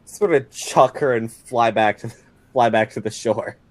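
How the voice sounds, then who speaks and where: A man playing a tabletop game, joking and excitable about his character. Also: medium pitch, a little slow. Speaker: player. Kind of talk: casual tabletop play.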